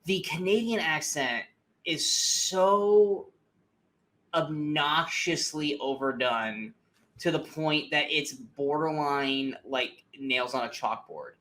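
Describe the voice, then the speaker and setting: Guy on a movie podcast going off, animated and sweary. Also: fairly high pitch, takes it slowly. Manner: animated, profane ranting with mocking asides. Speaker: podcast co-host. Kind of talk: casual movie review chat.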